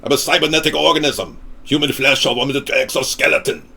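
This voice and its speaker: A man doing a raspy, blustering conspiracy-show host. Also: mid-range voice, steady tone, brisk, bright, forceful tone, pitched above the performer's own voice. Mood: robotic. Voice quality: raspy, gravelly.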